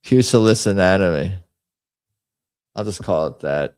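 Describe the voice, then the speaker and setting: A man's voice: deep voice, animated, normal speed, darkish tone, clear, resonant tone, dry recording. A man hosting a casual livestream, rambling and muttering to himself as he types up a poll. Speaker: host.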